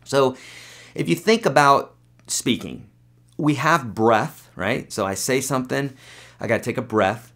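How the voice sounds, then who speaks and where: A man's voice: mid-range voice, animated, measured pace, a bit bright. A man teaching guitar on a live webcast, reading out viewer questions and answering them in a loose, chatty way.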